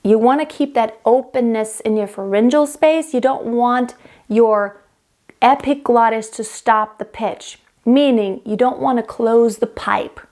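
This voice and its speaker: A woman's voice: on the high side, a little slow, a little mellow. A young woman teaching vocal technique, explaining step by step and breaking off to demonstrate sounds. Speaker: singing teacher.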